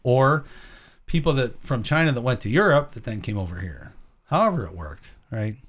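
A man's voice: mid-range voice, animated, normal speed, fairly bright tone. A man co-hosting a Christian talk show, rambling through opinions and tagging points with rhetorical questions. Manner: rambling, rhetorical "right?" tags. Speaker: podcast co-host. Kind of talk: conversational Christian commentary.

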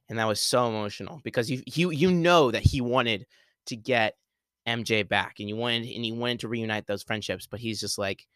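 A man's voice: fairly low pitch, fairly even intonation, a little fast, fairly bright tone, no room sound. A young man hosting a podcast alone, rambling through a casual spoiler talk with many fillers and restarts. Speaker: podcast host.

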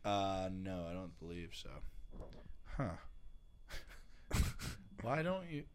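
A man's voice: low-pitched, sing-song, slow pace, a little hiss or hum. A man hosting a podcast in a studio, chatting casually with guests and laughing often. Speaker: podcast host. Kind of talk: casual chat.

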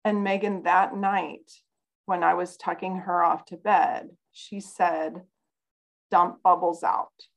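A woman's voice: on the low side, flat delivery, slow, vocal fry, rough recording. A woman guest on a podcast, telling a personal story in an earnest, conversational way.

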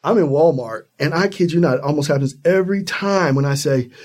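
A man from Ohio in the US Midwest, a guest in a conversational interview, talking earnestly and acting out the people in his stories. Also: fairly quick. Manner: earnest, animated storytelling, acts out high-pitched quoted voices.

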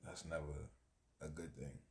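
A laid-back man talking casually as a podcast co-host, relaxed and quick to laugh. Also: extremely low pitch, echoey room. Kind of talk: casual chat.

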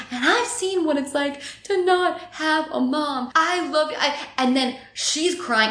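A woman co-hosting a podcast, recapping a movie in casual comedic chat, animated and profane, acting out lines as she tells them. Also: high-pitched, roomy sound. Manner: animated, profane, acts out quotes. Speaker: podcast co-host.

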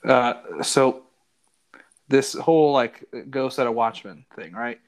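A man with a mid-range voice joins a scripture discussion at an unhurried, deliberate pace. He offers thoughtful interjections and gently steers the conversation. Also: mid-range voice, smooth. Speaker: Bible study podcast co-host.

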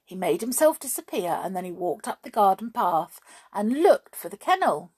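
A woman reading a children's story aloud, animated and chatting to her listeners. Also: medium pitch, moderate pace, breathy edge.

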